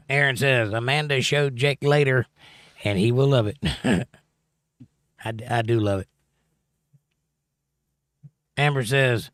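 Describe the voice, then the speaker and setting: A man's voice: mid-range voice, steady tone, takes it slowly, pauses often, fairly bright tone, no room sound, studio quality. A man hosting a casual livestream, reading viewer comments aloud and joking about them. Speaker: livestream host reading chat. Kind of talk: casual chat. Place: home livestream setup.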